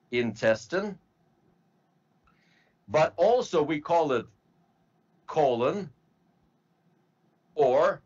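A man teaching medical terminology to a class, slowly spelling out word parts and asking students to repeat. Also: on the high side, dull audio. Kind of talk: classroom lecture.

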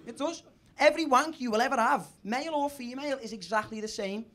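It's a stand-up set: a young man on a comedy club stage spins a crude, wandering story with a quick pace and a very high, fairly bright voice. Live crowd laughter comes through in the background.

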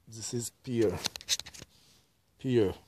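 A man's voice: fairly low pitch, very slow, noisy background. A man with a Jamaican accent, talking to viewers in a casual vlog and quizzing them, recorded outdoors on a farm. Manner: quizzing viewers, acting out vendor calls. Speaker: vlogger.

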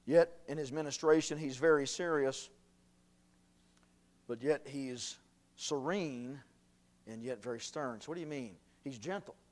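A man preaching a sermon as pastor, swinging from quiet earnest talk to shouted emphasis. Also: mid-range voice. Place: church sanctuary.

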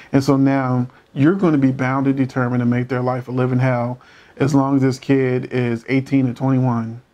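A man's voice: medium pitch, dark tone. A man giving casual, emphatic commentary on a couple's dispute, with rhetorical questions and a struggle not to curse. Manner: holds back from cursing. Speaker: commentator reacting to a court show.

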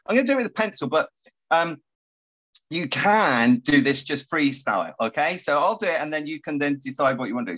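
A man guiding a paper craft tutorial, chatty and quick to laugh. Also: a little high, rough recording. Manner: animated, giggly and chatty. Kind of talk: casual craft tutorial chat.

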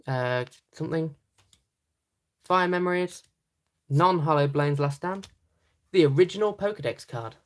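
British woman, low-leaning pitch, dry wit, relaxed unboxing chatter. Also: measured pace, long pauses. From Britain. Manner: dry, teasing asides. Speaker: channel host. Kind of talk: casual unboxing chat while sorting cards.

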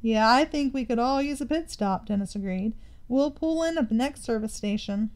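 A woman's voice: on the high side, animated, normal speed, a little mellow. A woman teacher reading a children's novel aloud to her students. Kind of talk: storybook read-aloud.

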